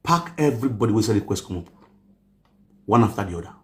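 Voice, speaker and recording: A man with a Nigerian Pidgin accent ranting and mocking people on a live stream, often shouting. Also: lowish voice, animated, quick pace, reverberant.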